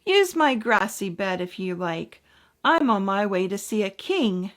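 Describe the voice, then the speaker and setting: A woman's voice: medium pitch, sing-song, measured pace. A woman voicing a kindly, bleating sheep in a storybook tale. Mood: friendly. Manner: bleating, friendly.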